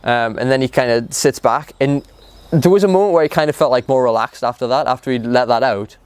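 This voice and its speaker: A young man casually retelling a story, talking in a loose, animated way with lots of "like" and "um". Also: mid-range voice, brisk, smooth, no echo. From United Kingdom. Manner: animated retelling, filler-heavy with frequent "like" and "um". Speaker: motivational show co-founder.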